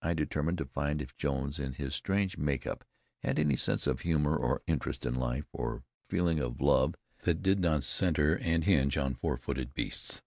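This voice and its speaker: A man narrating a first-person audiobook in a measured, deliberate storytelling manner on a close microphone. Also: a bass voice, darkish tone, dry recording.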